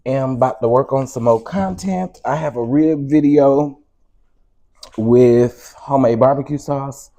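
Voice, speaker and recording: A man with a Southern American accent talks through a recipe in his home kitchen. His voice sits at a middle pitch with a mellow, warm tone. He is chatty and familiar, calling the viewers "baby" and "y'all". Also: slight background noise. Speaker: cooking show host. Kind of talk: casual cooking livestream.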